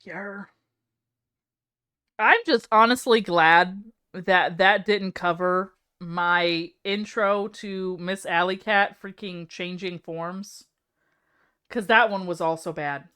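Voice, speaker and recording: A woman's voice: fairly low pitch, steady tone, takes it slowly, bright, forceful tone, clear, resonant tone. A woman streamer in casual live-stream chat, wry and self-mocking, often breaking into laughter.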